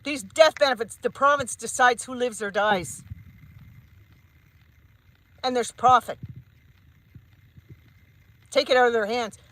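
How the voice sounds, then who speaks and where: A woman's voice: fairly high pitch, slow pace, long pauses, poor audio. A woman, a psychic medium, giving a heated vlog rant and repeating her points emphatically. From Canada.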